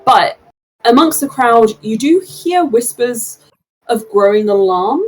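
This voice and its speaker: A woman running a tabletop game as game master, narrating scenes in a relaxed, hesitant way with many fillers. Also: on the high side, slow pace, slight background noise, poor audio.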